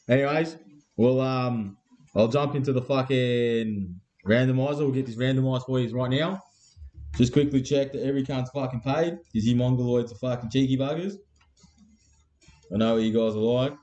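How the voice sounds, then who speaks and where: Swearing Australian man, mellow voice. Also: mid-range voice, steady tone, normal speed. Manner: crude, heavy swearing, laddish teasing. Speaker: card break host. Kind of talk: live-streamed card break banter.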